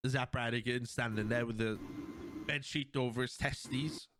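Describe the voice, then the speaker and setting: A young man talks through his favorite scenes on a casual podcast. He rambles and gets animated, and a faint hiss sits under his voice. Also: mid-range voice, measured pace. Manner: rambling, animated retelling with laughs. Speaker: podcast host. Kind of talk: casual chat.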